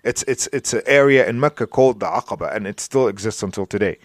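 A male Islamic preacher giving a conversational religious lecture, often asking "right?" and filling pauses with "you know" and restarts. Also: fairly low pitch, no echo, studio quality. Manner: informal, checks in with "right?" and "you know", many fillers and restarts.

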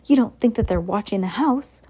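A woman reading aloud and voicing a shrill, nervous aunt with a quivering voice. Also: a little fast, mellow, husky, lightly acted. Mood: frightened. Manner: quivering, high and anxious.

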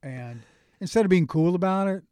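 A man's voice: high voice, lively intonation, moderate pace, warm tone, clean tone, dry recording. A man with an Irish accent, an interview guest telling rambling stories in casual chat and laughing often.

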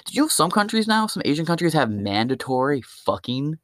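A man's voice: a little high, very animated, fairly quick, a bit bright, no room sound, studio quality. A man hosting his own podcast, delivering a crude, profane, rambling stand-up style rant. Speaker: podcast host.

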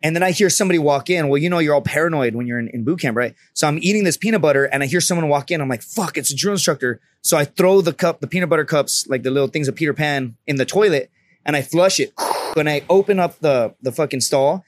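A man's voice: fairly high pitch, no room sound. A man in his thirties telling profane stories in casual chat, acting out quotes as he goes. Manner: fast, profane storytelling with acted-out quotes. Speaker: podcast guest, comedian. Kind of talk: casual storytelling.

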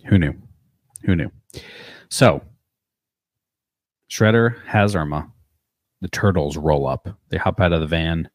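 A man with an extremely deep, low voice recaps an episode in easygoing podcast chat. He curses offhandedly and tells the story in a loose, rambling way. The sound is dry and close, with no room around it. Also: dry recording. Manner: swears freely, narrates the plot loosely. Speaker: podcast co-host.

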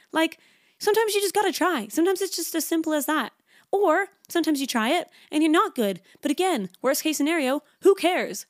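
A woman's voice: extremely high pitch, lively intonation, a little fast, dry recording, clean studio sound. A woman hosting a self-help podcast, talking casually and reassuringly, with lots of "like" fillers. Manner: chatty, frequent "like" fillers; encouraging, reassuring. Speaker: podcast host.

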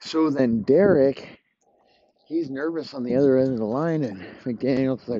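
A man's voice: mid-range voice, unhurried, warm tone, highs cut off. A man telling a rambling, profane comedic story and acting out the characters. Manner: rambling, crude, acts out voices.

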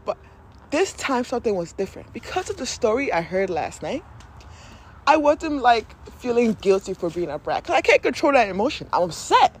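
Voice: medium pitch, big pitch swings, moderate pace, breathy edge. A podcast host talking candidly and emotionally in a casual spiritual monologue, often laughing and acting out inner voices.

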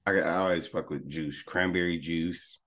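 A man co-hosting a casual podcast, laid-back and quick to agree, mumbling short replies. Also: low voice, fairly even intonation, fairly bright tone. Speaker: podcast co-host.

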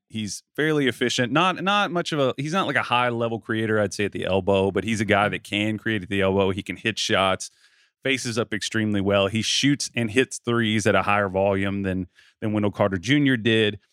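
Male podcast co-host, lowish voice, dry close sound, casual halting basketball talk. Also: fairly bright tone, clear, resonant tone, dry recording. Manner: halting, with restarts and laughs.

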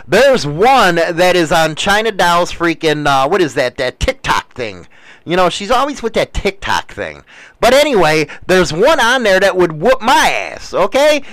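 A man's voice: high-pitched, fairly bright tone, no echo, poor audio. An older man hosting a show, delivering a blunt, crude, ranting monologue in casual talk.

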